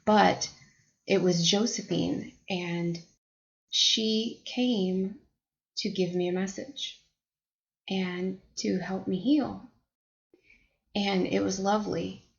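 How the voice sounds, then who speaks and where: A woman's voice: medium pitch, fairly even intonation, slow, vocal fry, pauses often, dull audio. An American woman telling a personal spiritual story to camera in a chatty, reflective way. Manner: chatty, reflective, many fillers. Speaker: spiritual vlogger.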